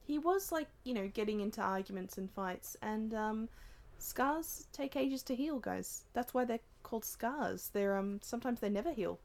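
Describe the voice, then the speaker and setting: A woman's voice: fairly high pitch, animated, normal speed, a little mellow. A woman co-hosting a podcast who teases her partner with dry, amused remarks. She speaks in an easygoing, conversational way. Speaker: podcast co-host. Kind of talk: casual podcast chat.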